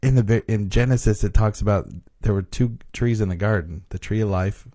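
A man's voice: lowish voice, fairly quick, dark tone. A man in a casual podcast chat, earnestly explaining scripture with frequent restarts.

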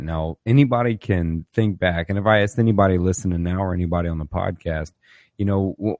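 A man's voice: deep voice, darkish tone, no room sound, studio quality. A man hosting a casual podcast, laid-back and encouraging toward his guest. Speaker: podcast host.

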